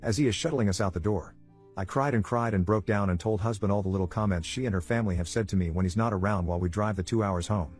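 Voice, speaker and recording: A man narrating a first-person reddit story in a brisk, even reading voice. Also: fairly low pitch, breathy edge. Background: faint background music.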